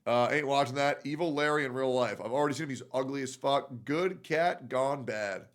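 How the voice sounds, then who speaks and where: A man's voice: medium pitch, a little fast. A male streamer reacting casually on a live stream, swearing and gushing with frequent exclamations. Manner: profane, gushing, exclaims a lot.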